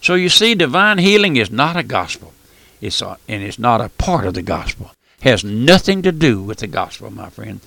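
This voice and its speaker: Folksy radio preacher with a lively, swooping voice. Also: male voice, medium pitch, moderate pace, vocal fry, no echo. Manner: folksy, emphatic, full of rhetorical questions.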